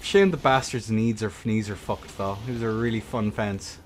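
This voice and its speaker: A young man hosting a game tournament stream, rambling and swearing between bursts of excited play-by-play commentary. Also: fairly low pitch, moderate pace, few pauses, a little hiss or hum. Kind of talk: casual livestream game commentary.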